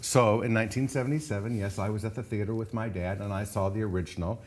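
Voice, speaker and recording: A man's voice: fairly low pitch, steady tone, quick pace, slight background noise. Playful man in his fifties. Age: 50s. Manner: playful, joking. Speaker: co-host. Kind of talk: casual chat.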